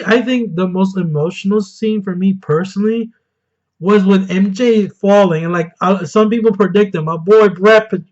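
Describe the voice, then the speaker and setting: Man, high voice, excitable casual film review, lo-fi muffled recording. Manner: excited, gushing, quick swings into loud outbursts. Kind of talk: casual spoiler review monologue.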